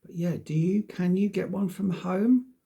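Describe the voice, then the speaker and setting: Gravelly-voiced man rambling. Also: sits high, measured pace, warm tone. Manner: rambling, self-deprecating, swears freely. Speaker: vlogger. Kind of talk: casual rambling monologue to camera.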